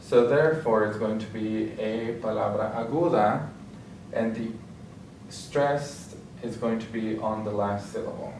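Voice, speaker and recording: A man's voice: on the low side, unhurried, background noise. A man patiently explaining a language lesson step by step, correcting himself as he goes. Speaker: Spanish teacher. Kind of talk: classroom explanation. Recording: echoey room, mic far off.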